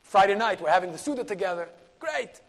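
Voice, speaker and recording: Animated man telling a story in a lecture. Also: high voice, fast talker. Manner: animated storyteller, sprinkles Yiddish and Hebrew words, drops to a hush for key moments. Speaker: rabbi and lecturer. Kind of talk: storytelling Torah class.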